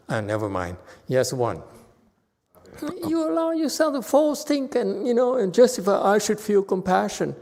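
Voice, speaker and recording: A man leading a dharma talk and answering questions, blunt and exasperated as he scolds his students. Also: mid-range voice. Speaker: meditation master answering questions. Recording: long hall reverb.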